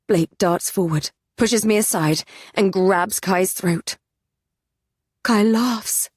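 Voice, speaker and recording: A woman narrating a fantasy audiobook in the first person, measured and even. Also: mid-range voice, husky, no echo, studio quality.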